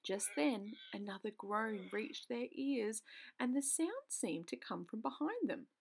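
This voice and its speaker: A woman narrating a children's book aloud in an expressive storytelling manner, with occasional stumbles. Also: a little high, a little slow, creaky, slight background noise.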